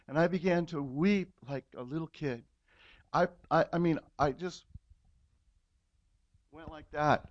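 A man's voice: a little high, dull audio. A man telling a heartfelt personal testimony in church, earnest storytelling that swells when he is moved. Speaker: guest giving testimony.

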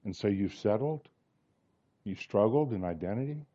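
Earnest preacher in his sixties, mellow voice. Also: fairly low pitch, expressive, moderate pace, slightly rough, lo-fi sound. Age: 60s. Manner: earnest, acts out dialogue in stories. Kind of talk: sermon with personal stories.

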